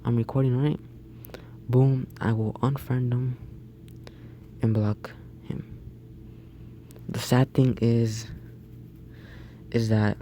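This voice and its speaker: A young man in casual gameplay commentary, his voice mellow and warm at a middling pitch. He rambles and backtracks, restarting sentences as he tells the story. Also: a little hiss or hum. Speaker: gaming YouTuber.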